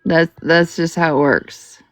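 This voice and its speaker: A woman's voice: deep voice, steady tone, a little slow, no echo, clean studio sound. A middle-aged woman, a livestream host, telling pet stories in casual, profane chat with lots of "like" and "right?".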